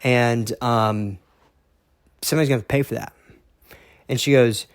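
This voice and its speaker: A man from Texas tells a story in a loose, rambling way, cursing and restarting his sentences as he gets worked up. His voice sits at an ordinary middle pitch. The recording is dry, with little room sound. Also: fairly quick, pauses often, dry recording. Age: young adult. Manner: rambling, heated, profane, repeats words. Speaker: podcast host. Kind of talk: casual storytelling monologue.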